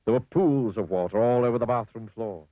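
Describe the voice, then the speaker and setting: A man's voice: medium pitch, brisk, no room sound. A man reading a children's story in a dry, wry storybook manner. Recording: dull lo-fi dry recording.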